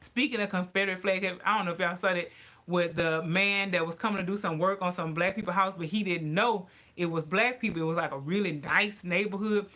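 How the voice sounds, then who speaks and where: A woman vlogger chatting casually to her viewers, animated and given to ranting. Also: lowish voice, brisk. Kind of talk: casual chat to camera.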